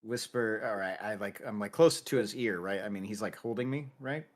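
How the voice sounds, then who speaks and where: Low-voiced hesitant male player. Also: a little fast. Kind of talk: tabletop role-play.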